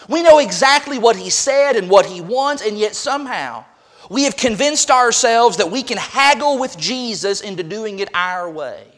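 A man's voice: sits high, a bit bright. A man preaching a sermon as pastor, emphatic and full of rhetorical questions.

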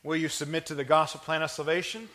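High, bright-voiced male preacher. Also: fairly even intonation, fast talker. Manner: emphatic preaching with rising and falling delivery. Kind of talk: sermon. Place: church.

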